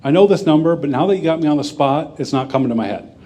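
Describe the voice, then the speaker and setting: A man's voice: a little high, expressive, fast, mellow, a little hiss or hum. A man speaking plainly and conversationally, answering audience questions at a forum. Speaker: guest speaker.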